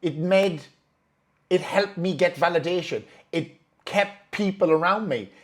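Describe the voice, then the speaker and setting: A man's voice: high voice, a little slow, a bit bright, a little hiss or hum. A man telling a personal story in a candid, profane and emotional way, acting out his own thoughts as he goes.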